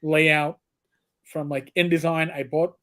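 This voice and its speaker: A man in his fifties hosting a casual livestream chat, telling stories in an animated, rambling way with many restarts. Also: fairly high pitch, takes it slowly. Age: 50s. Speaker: host.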